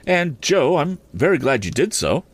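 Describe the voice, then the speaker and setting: A man reading aloud, voicing an earnest young man newly made a gentleman, eager and a little condescending. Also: fairly high pitch, sing-song, moderate pace, slightly rough, no echo, voice pushed up.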